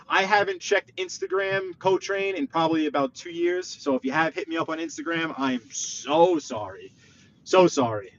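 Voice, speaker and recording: A man from Brooklyn with a New York accent, hosting a rambling, animated live stream from his parked car and talking straight to his viewers. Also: on the high side, highs cut off, slight background noise. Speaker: livestream host. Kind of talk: casual live-stream chat while driving. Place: parked car on a city street.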